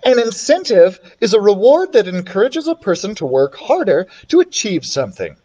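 A man's voice: very high-pitched, big pitch swings, a little slow, far from the mic, muffled recording, voice pushed up, exaggerated voice. A man voicing Andrea, a prim know-it-all schoolgirl, in a read-aloud storybook. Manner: prim, proud.

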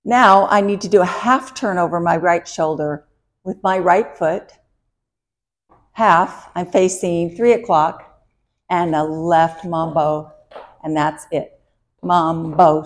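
A woman teaching a line dance step by step, counting the beats aloud while she dances, upbeat and encouraging. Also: fairly low pitch.

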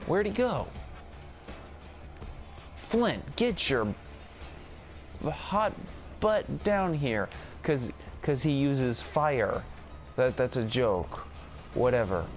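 A man's voice: mid-range voice, very animated, very slow, long pauses. A man giving casual gameplay commentary, rambling and mocking himself as he plays. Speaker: gaming video creator. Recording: game music underneath.

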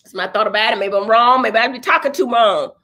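A woman's voice: a little high, fast talker, pushed and bright. A middle-aged woman talking in a blunt, casual, rambling way, swearing freely as she chats straight to her viewers. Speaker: dentist and reality TV personality. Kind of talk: casual opinionated livestream chat.

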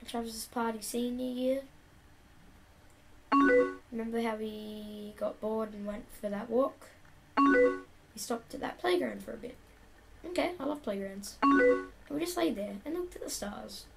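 A young woman reads typed chat messages aloud and drops chatty asides between them. Her voice sits a little high and carries a gravelly fry. Loud music plays under her, with keyboard clacking in the background. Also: unhurried, long pauses. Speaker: YouTuber playing a chat game. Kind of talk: casual reading and reacting.

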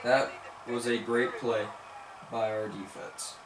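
A man giving live commentary on his football video game, excitedly cheering on and scolding his players as he plays. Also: mid-range voice, takes it slowly, a crowd in the background. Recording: echoey room with background noise.

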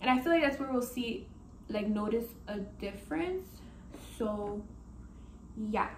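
A woman with a high, bright-pitched voice vlogs casually from home. She talks frankly and chattily to her viewers and often breaks into exclamations. A faint room hum sits behind her. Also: lively intonation, unhurried. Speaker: vlogger. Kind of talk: casual vlog talking to camera.

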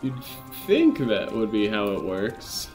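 A man's voice: fairly low pitch, wildly swooping pitch, slow, darkish tone, soft background music. A man hosting a video game playthrough, chatting casually with dry, self-mocking jokes. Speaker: gameplay host. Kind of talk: casual let's-play commentary.

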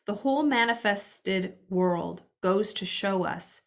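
A woman reads aloud from a spiritual book and pauses to comment in reflective asides to her listeners. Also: medium pitch, vocal fry. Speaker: spiritual book reader and teacher.

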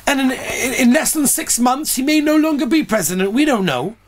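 A man's voice: very high voice, lively intonation, brisk, voice pushed up. A man voicing an earnest male rabbi who insistently pleads, in a story told during a talk. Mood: marveling.

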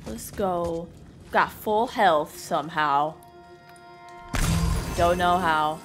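A woman's voice: fairly low pitch, drawn-out words. A woman doing casual let's-play commentary over a video game, exclaiming and joking at her own expense. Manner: excitable, exclaiming and joking at herself. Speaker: gamer playing through a video game. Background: game music and sound effects.

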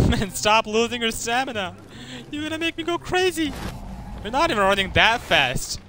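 Young male gaming commentator, high lively voice, excitable trash talk over game music. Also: moderate pace, a little hiss or hum. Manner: excitable, trash-talking, swears a lot. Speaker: gaming YouTuber. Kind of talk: casual gameplay commentary.

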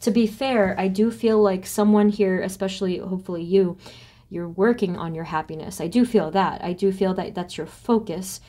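A woman's voice: mid-range voice, moderate pace, warm tone. A woman doing a solo tarot reading, thinking aloud as she names cards and asks spirit questions. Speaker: tarot reader.

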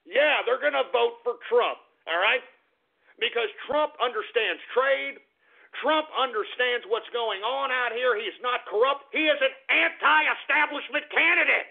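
A man's voice: extremely high pitch, measured pace, vocal fry. A man hosting a talk radio show, ranting gleefully and mocking his listeners. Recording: tinny phone-like radio audio.

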